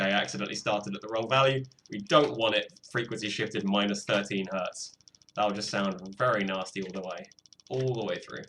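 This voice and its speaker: Over faint background music, a young British man with a lowish voice makes music on a live stream, chatting casually, mocking himself and swearing freely. The recording is very noisy.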